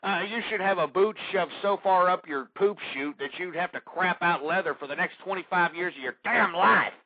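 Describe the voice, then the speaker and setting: A man hosting a call-in radio show, delivering a profane, blustering rant that swings into yelling. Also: high-pitched, moderate pace, slightly rough, no echo. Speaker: radio talk show host. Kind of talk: ranting call-in radio monologue. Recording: muffled lo-fi internet radio.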